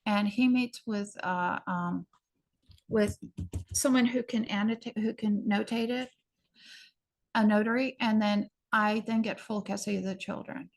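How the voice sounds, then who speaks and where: Middle-aged woman, podcast guest. Earnest, hurried personal testimony, mid pitch, gravelly fry. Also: steady tone. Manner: earnest, hurried recounting with frequent restarts. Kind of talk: personal storytelling in an interview.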